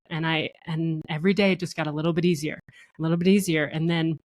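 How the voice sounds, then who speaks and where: A woman in her thirties tells her story as a podcast guest, her voice sitting a little low for a woman. She is animated, laughs easily and slips into quoting what was said at home. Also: fast talker. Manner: animated, laughs often, acts out quotes. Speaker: guest, co-founder. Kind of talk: conversational interview storytelling.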